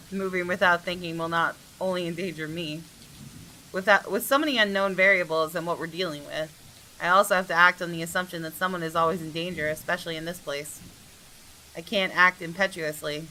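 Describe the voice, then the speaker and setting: A woman's voice: on the low side, pushed and bright, a little hiss or hum, low-quality recording. A woman reading aloud the first-person narration of a tense young man in a visual novel, in her own voice without putting on another.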